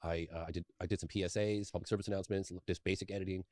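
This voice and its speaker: A rapid-fire man in his fifties with a low voice, spinning a long personal story in an interview. He rambles eagerly and keeps restarting sentences as he goes. The sound is close and dry, with no room behind him. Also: little pitch movement, dark tone, no echo. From England. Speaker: documentary filmmaker, interview guest.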